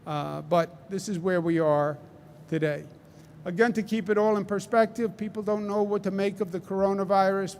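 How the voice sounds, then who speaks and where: A man with a Queens, New York accent giving a press briefing as a state governor, deliberate and emphatic, repeating his key points and tagging them with rhetorical questions. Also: sits high, fairly even intonation, a little mellow, a little hiss or hum.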